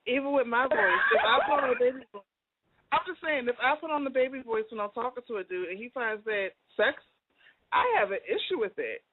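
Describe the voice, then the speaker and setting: A woman with a deep voice co-hosting a casual talk show, emphatic and quick to laugh, often repeating herself. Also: noisy background. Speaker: co-host. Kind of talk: casual chat. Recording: dry, phone-like line.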